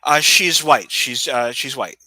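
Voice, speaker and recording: A man's voice: medium pitch, unhurried, pushed and bright, no room sound, low-quality recording. A man talking to a livestream audience in an agitated, rambling way, repeating himself and sometimes dropping almost to a whisper. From United States. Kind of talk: rambling livestream monologue and phone call.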